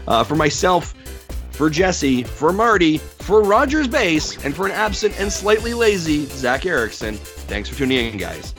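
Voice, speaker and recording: A man hosting a podcast, wrapping up the show with shout-outs and plugs, upbeat with wry asides. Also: medium pitch. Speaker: podcast host.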